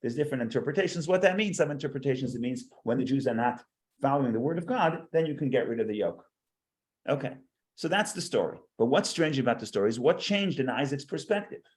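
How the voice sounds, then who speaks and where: A man's voice: mid-range voice, lively intonation, fast. Male teacher, text study lecture, reads verses then explains, repeats words mid-thought. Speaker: Torah class teacher.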